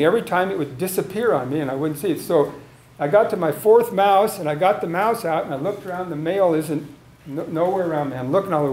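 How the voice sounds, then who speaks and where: Higher-voiced man lecturing in an echoey room. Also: a little mellow. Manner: conversational, tells field stories and asks the audience questions. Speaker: wildlife biologist giving a lecture. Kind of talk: live public lecture.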